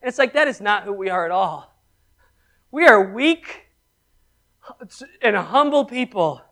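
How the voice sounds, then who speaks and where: A preacher giving a sermon who asks the congregation questions, calls for amens, and swings between loud exhortation and hushed emphasis. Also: medium pitch, expressive, a little slow, gravelly.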